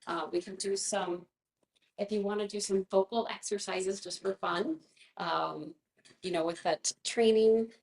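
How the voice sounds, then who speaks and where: A woman runs a relaxed live online movement class, gentle and talkative, laughing a lot. Her voice sits at medium pitch and is a bit froggy from vocal fatigue, with a steady tone and measured pace.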